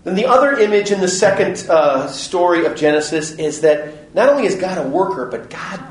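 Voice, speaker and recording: A man giving a parish Bible study talk, animated and joking, acting out little voices in his stories. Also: sits high, echoey room. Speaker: parish teacher. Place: parish hall or church.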